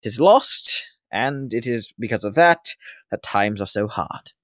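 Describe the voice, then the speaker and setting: A man's voice: fairly low pitch, lively intonation, a little slow, no room sound. A man voicing a rambling male former slave who became a wealthy slave-owner, speaking formally in a put-on British accent during a tabletop game. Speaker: non-player character. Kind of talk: tabletop role-play voicing.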